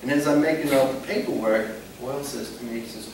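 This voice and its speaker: A man's voice: medium pitch, quick pace, hardly any pauses. Older man telling police stories in an echoey hall. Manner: lively, laughing while telling anecdotes. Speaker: retired police officer, guest speaker. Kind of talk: humorous storytelling to an audience. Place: library meeting hall. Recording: echoey hall, mic far off, room noise.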